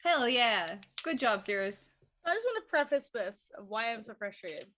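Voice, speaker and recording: A woman playing a tabletop game, with a bright, clear voice that swoops up and down as she talks. She giggles often and swears freely in casual banter. Her pitch sits a little above the usual for a woman. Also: big pitch swings, moderate pace. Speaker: player.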